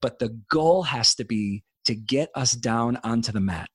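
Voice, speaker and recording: A man's voice: medium pitch, normal speed, slightly rough, dry recording, clean studio sound. A middle-aged man, an author, talking earnestly in a casual conversation and building long analogies. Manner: earnest, uses extended analogies. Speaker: author and guest.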